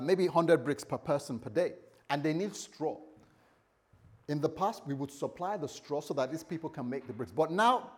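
An animated male pastor delivers a sermon in a church, now and then teasing his listeners. His voice sits a little high for a man. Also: husky.

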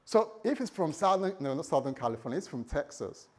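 A male pastor preaching a sermon in a church, animated and joking, acting out the stories he tells. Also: on the high side, fairly quick.

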